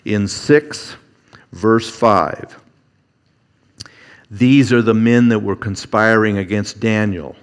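A man preaching a sermon, slow and halting, with frequent restarts, who acts out quoted figures with a rising voice. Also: on the low side, clear, resonant tone. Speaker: pastor.

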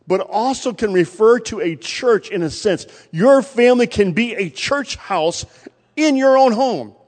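Preacher guy with a high voice, big fervent swings from loud to quiet, long church reverb. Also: expressive, measured pace. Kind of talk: sermon. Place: church sanctuary.

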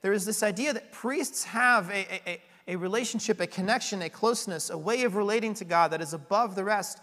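A man preaching a conversational sermon, earnest and explanatory, asking rhetorical questions and going hoarse as he loses his voice. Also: high-pitched, a little fast, sharp tone. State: losing his voice. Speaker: pastoral candidate preaching. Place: church sanctuary. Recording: long reverb of a large hall.

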